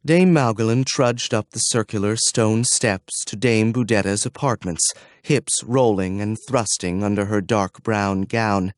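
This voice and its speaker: A man's voice: on the low side, a little slow, few pauses, no echo. Man narrating a fantasy audiobook, dry.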